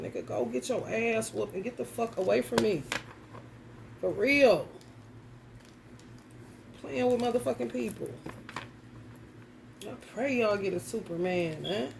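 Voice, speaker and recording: A woman's voice: medium pitch, creaky, noisy background. A woman giving a casual tarot reading, ranting bluntly and profanely straight at the viewer. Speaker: tarot reader.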